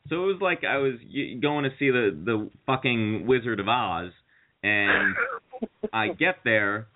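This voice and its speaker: A man spins a long, rambling story for a chat show, cursing freely and acting out what other people said. His pitch sits right in the middle. The sound is thin and tinny, like it came over a phone line. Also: unhurried. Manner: rambling, profane anecdotes with acted-out quotes. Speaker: podcast co-host.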